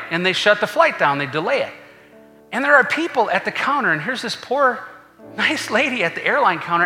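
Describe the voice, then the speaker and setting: Male pastor, bright forceful voice, chatty sermon, echoey church hall with faint music. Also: fairly high pitch. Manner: conversational preaching with asides to the congregation. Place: church sanctuary.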